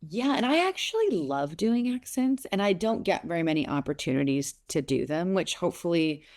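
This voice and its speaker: A woman's voice: on the low side, brisk. A woman in her forties, an actress telling stories in an interview, rambling and correcting herself as she goes. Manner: rambling, self-interrupting, animated storytelling. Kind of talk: casual interview talk.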